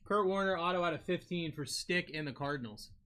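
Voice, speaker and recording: A man's voice: high-pitched, brisk. A young man with a New England accent hosting a live card-break stream, calling out player names and chatting with viewers. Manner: lively, calls out names, chats with viewers. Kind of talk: live-stream chat while opening cards.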